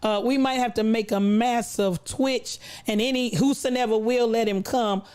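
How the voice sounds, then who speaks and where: A woman's voice: on the high side, fairly even intonation, a little slow, darkish tone, smooth. Playful woman streamer, preacher-like cadence. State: recovering voice, coughing. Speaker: livestream host. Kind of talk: casual livestream chat reading comments.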